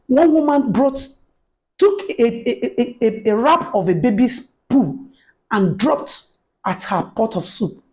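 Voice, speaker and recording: A woman's voice: a little high, expressive, takes it slowly, a little mellow, poor audio. Earnest woman giving testimony. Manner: earnest, preacherly, acts out quoted voices. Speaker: faith encouragement speaker. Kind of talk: personal testimony to camera.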